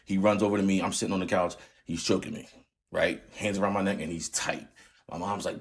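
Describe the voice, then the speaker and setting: A man's voice: sits low, fairly even intonation, brisk, creaky, husky. A man in his thirties candidly retelling a family story in a casual, slangy vlog. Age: 30s. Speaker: channel host.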